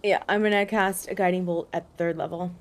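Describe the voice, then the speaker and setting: A woman playing a tabletop game in casual chat, brisk and directive about tactics. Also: lowish voice, fairly even intonation, no room sound. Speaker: player.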